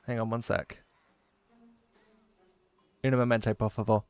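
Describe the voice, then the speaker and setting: A man's voice: on the low side, flat delivery, measured pace, darkish tone, clean tone. A man from England with an English accent and a bit of Midlands, chatting casually and rambling while streaming a game, with frequent swearing. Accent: English, with a touch of Midlands. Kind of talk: casual livestream chat while gaming.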